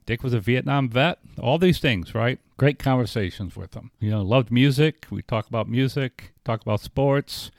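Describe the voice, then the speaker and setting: A man talks at a middle pitch, looping back and restarting his thoughts as he tells a long personal story in relaxed conversation. His voice is recorded close and dry, with no room sound. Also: normal speed, hardly any pauses, dry recording. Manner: rambling, frequent restarts and filler. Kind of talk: casual storytelling chat.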